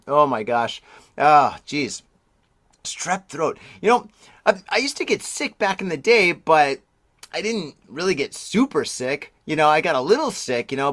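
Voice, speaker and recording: A middle-aged man hosting a news podcast in casual chat, excitable and chatty, exclaiming and laughing often, his voice slightly husky after a throat illness. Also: fairly high pitch, dry recording. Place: Tokyo.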